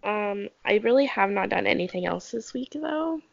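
A woman's voice: medium pitch, animated, moderate pace, gravelly, darkish tone, lo-fi sound. A young woman co-hosting a podcast, sick with a cold, talking in casual chat. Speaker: podcast co-host.

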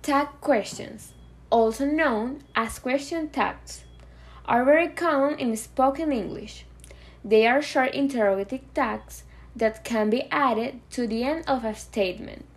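A woman hosting a grammar podcast, reading clear, carefully scripted explanations. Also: sits high, measured pace. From Venezuela. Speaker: podcast host teaching grammar.

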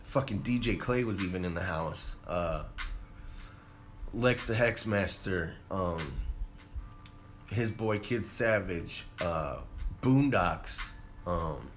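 A man's voice: deep voice, animated, slow, pauses often, soft background music. A man from Colorado hosting a casual solo podcast, laid-back and rambling, swearing freely. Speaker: podcast host.

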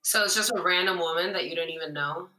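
Woman host, low but bright voice, encouraging questions, kinda roomy. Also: fast. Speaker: podcast host. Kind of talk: interviewing conversationally.

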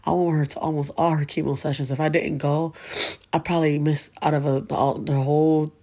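A woman's voice: low-pitched, little pitch movement, fairly quick, mellow. A woman in her thirties telling a personal story in an emotional, rambling way, swearing often and filling her speech with asides. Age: 30s. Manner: emotional, profane, rambling with many fillers. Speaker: vlogger.

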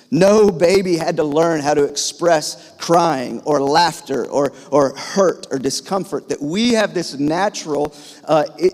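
A man in his thirties gives a sermon in a church hall, his slightly high voice trailing off into long reverb. He tells a personal story loosely, with many fillers and restarts. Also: darkish tone. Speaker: pastor.

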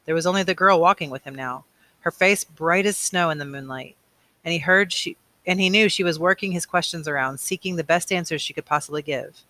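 A man reading a novel aloud, unhurried, with casual asides and small slips. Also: a little high, pushed and bright, dry recording. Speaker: reader.

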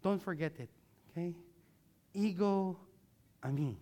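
A man preaching a sermon with slides, dropping his voice low for emphasis and leading the congregation to repeat words after him. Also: measured pace, warm tone. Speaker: pastor.

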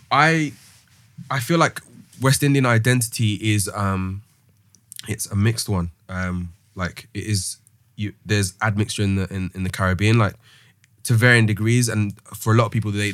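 A man's voice: on the low side, fairly bright tone, no echo. A man, hosting a casual podcast discussion, thinking aloud with many ums and restarts. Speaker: podcast host.

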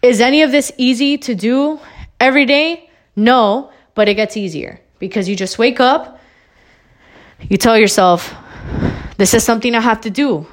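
A woman's voice: fairly high pitch, normal speed, pauses often. A woman hosting her own podcast, ranting about wellness in a blunt, emphatic way, swearing freely and repeating her points, a little out of breath. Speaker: podcast host. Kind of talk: solo motivational rant.

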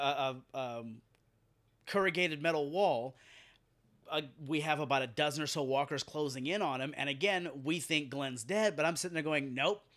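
A man hosting a podcast, ranting in an animated, profane and exasperated way. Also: fairly high pitch. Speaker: podcast host. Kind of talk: casual podcast rant.

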